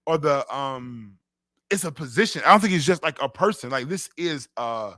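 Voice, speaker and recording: A man's voice: fairly high pitch, animated, moderate pace, a bit bright, no echo. A man from Western New York hosting a casual radio talk show, telling stories animatedly and laughing often. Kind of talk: casual chat.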